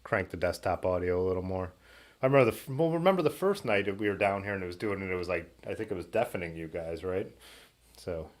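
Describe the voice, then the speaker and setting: A man's voice: sits low, animated, fast. A man hosting a casual livestream from his workshop, rambling loosely with lots of fillers and trailing thoughts. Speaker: livestream host. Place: basement workshop. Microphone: laptop setup.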